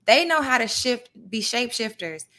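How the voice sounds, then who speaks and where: A young adult woman hosting a live podcast, talking in an animated, conversational way and now and then reading passages aloud. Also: on the high side, moderate pace. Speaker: podcast host.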